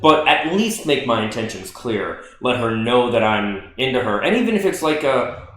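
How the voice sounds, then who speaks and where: A man's voice: mid-range voice, expressive, moderate pace, fairly bright tone. A young man co-hosting a podcast, chatting loosely and joking, with many filler likes. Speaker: podcast co-host. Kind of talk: casual chat. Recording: very echoey room.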